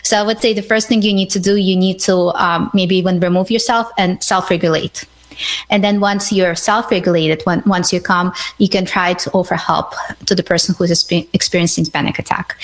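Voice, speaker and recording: A woman calmly explaining how to help with panic attacks, guiding breathing steps and often checking in with "right?". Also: mid-range voice, moderate pace. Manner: calm, guiding, frequent "right?" tags. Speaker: guest expert on panic attacks. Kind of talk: calm instructional chat.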